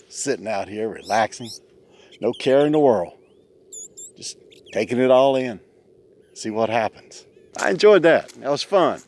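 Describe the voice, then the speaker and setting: Folksy man, lively hushed talk. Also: medium pitch, dry recording. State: a bit out of breath. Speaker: vlogger. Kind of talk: casual outdoor vlog and how-to talk. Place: outdoors in woods.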